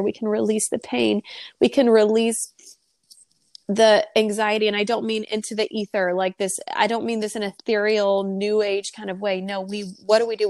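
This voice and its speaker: A woman speaking earnestly about faith on a podcast, close to tears, with a gravelly voice. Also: medium pitch, darkish tone, no room sound. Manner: earnest, tearful, preaching tone.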